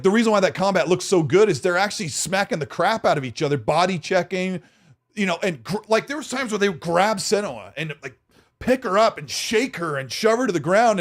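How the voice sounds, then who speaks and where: A man co-hosting a gaming podcast in casual chat, rambling and detailed. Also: sits high. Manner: rambling, detailed, full of fillers like "you know". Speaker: podcast co-host.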